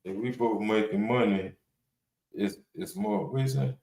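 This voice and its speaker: A man's voice: medium pitch, very animated, a little slow, gravelly, warm tone. A man hosting a reaction podcast panel, talking in a blunt, rambling, casual way with plenty of swearing and fillers. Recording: roomy echo.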